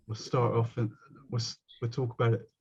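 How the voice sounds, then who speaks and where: West Country man, chatty self-mocking art tutor, mid pitch, muffled call audio. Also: little pitch movement, a little fast, creaky, slightly rough. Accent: West Country English. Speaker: watercolour painting teacher. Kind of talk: casual online workshop teaching.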